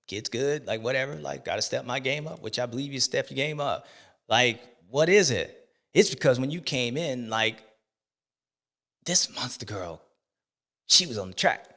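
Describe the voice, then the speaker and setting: Animated bright-voiced male host. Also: mid-range voice. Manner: animated, slangy, with dramatic outbursts. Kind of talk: casual commentary.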